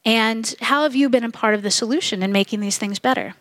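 A middle-aged woman preaching a sermon, earnest and measured, slowing down to stress key phrases. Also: fairly high pitch, fairly bright tone, no echo. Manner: earnest, measured, slows for emphasis.

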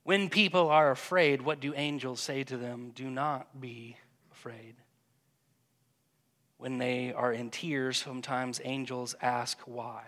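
A man leading a congregation through a guided prayer meditation, speaking gently and hesitantly, often repeating words. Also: mid-range voice, steady tone, slow. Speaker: pastor. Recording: long reverb of a church hall.

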